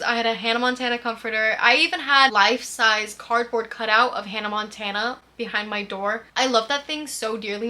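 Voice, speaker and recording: Young woman, bright tone, slightly high, chatty gushing storytime vlog, giggly. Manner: gushing, giggly, animated fangirl talk. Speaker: vlogger.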